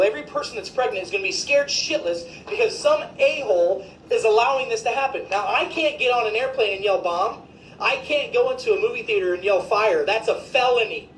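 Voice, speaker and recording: A woman physician, delivering an indignant, emphatic, profane rant to her viewers. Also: medium pitch. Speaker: physician commentator. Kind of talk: ranting video commentary. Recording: echoey room, faint background noise.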